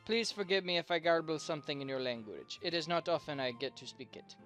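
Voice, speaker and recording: A man's voice: on the high side, fast, fairly bright tone, soft background music, close to an everyday voice. A man voicing a humble, polite female trader in a video game, speaking in stiff, formal phrases with a vague foreign lilt. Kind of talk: reading game dialogue aloud.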